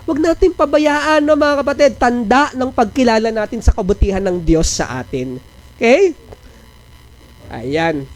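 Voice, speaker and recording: A man's voice: extremely high pitch, a little mellow, rough recording. A man with a Filipino accent preaching a sermon as pastor, asking the congregation rhetorical questions and dropping in joking asides. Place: church.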